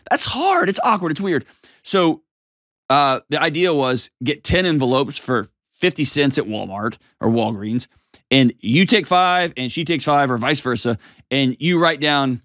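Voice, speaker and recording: Animated man hosting an advice show. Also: a little high, moderate pace, dry recording, studio quality. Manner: casual, animated, acts out quoted voices. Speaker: host.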